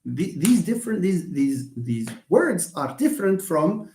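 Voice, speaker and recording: A man's voice: high voice, very animated, a little slow, a little mellow, roomy sound, slight background noise. A middle-aged man with a Moroccan accent teaching English pronunciation in a live online lesson, often repeating words and sounding them out for students.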